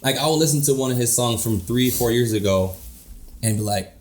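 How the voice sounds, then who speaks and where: A man's voice: mid-range voice, brisk. Hyped up guy on a podcast, slangy, says bro every other line. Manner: excitable slangy talk, says "bro" often. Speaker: podcast co-host. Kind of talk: casual chat.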